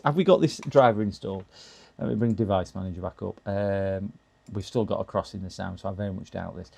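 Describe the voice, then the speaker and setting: Gravelly man chatting on stream. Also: lowish voice, darkish tone. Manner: chatty, talks to chat while working, frequent restarts and laughs. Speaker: live-stream repair streamer. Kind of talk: casual live-stream chat.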